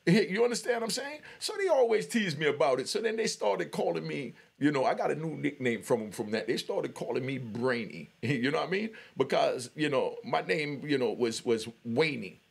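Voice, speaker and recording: A man's voice: a little high, lively intonation, normal speed, vocal fry, husky. A middle-aged man hosting a podcast, telling a long personal story and often breaking off with "you know what I mean" and short laughs. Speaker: podcast host. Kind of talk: storytelling monologue.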